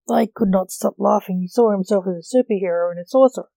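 A woman reading a homemade story aloud in a slow, even manner. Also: medium pitch, creaky, no echo, low-quality recording.

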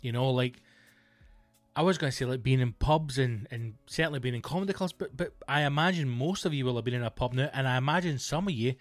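A man's voice: mid-range voice, fast, dry recording, soft background music. A Scottish man hosting his own podcast, talking in a rambling, jokey comedic monologue full of playful asides. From Scotland.

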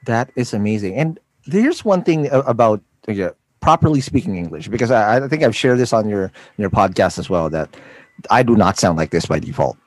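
Animated Filipino man hosting, lively pitch. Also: brisk, dry recording. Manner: animated, encouraging interviewer. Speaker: podcast host. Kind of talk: casual interview conversation.

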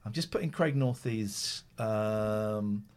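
A man's voice: fairly low pitch, takes it slowly, a little mellow. A middle-aged man hosting a radio show, teasing and joking with playful stumbling restarts. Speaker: radio host. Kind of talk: casual radio banter. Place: radio studio.

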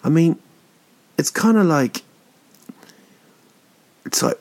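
Guy doing a podcast solo, low voice, goofy rambling, drifts everywhere. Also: measured pace, gravelly, a little mellow. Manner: playful, jokey, swears casually, drifts off topic. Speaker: podcast host. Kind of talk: rambling comic podcast monologue.

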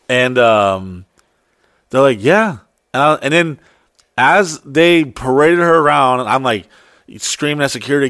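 A man telling a wild story in casual, profane chat, acting out quotes in high voices. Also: normal speed, a bit bright, no echo, studio quality. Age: adult.

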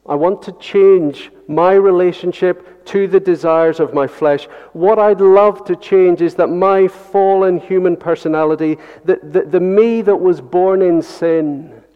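A man delivers a sermon in an earnest, searching way, repeating key phrases and asking the congregation rhetorical questions. His voice sits a little high for a man. The sound is dull and lo-fi, with a long hall reverb around him. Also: smooth. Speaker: pastor. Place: church.

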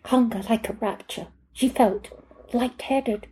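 A woman reading her own short story aloud in a measured, understated narration. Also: mid-range voice, dark tone, slightly rough. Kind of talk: literary reading.

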